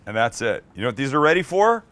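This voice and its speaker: A man's voice: mid-range voice, very animated, fast, fairly bright tone. Chatty man hosting a cooking show. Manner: chatty, joking, teases his crew. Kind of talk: casual cooking demonstration.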